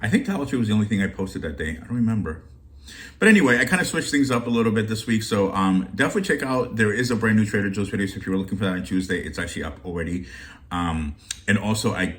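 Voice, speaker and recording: A man's voice: on the low side, expressive, quick pace. A man chatting casually and ramblingly to his viewers as a shopping deals vlogger. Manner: chatty and rambling, warm greetings.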